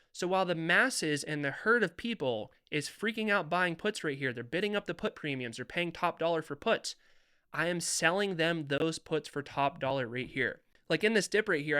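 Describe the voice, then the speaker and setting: Bright, crisp-voiced man explaining investing. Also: a little high. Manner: emphatic, confident, repetitive phrasing. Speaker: investing channel host. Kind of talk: explaining over charts.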